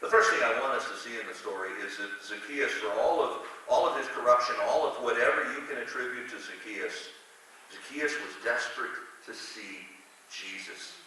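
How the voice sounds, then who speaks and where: A man delivers a conversational sermon, full of asides and self-deprecating humor. His voice is very bright and sits at a middle pitch. The recording comes from a distant mic in a very echoey church hall, with a faint hiss underneath. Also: moderate pace. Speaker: preacher. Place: church sanctuary.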